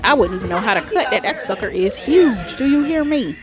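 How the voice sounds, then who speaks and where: A woman's voice: a little high, expressive, a little fast, crowd noise. A woman hosting a reaction video, talking chattily and emphatically, repeating "okay?" and calling her viewers "baby". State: tearing up. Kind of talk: casual reaction commentary.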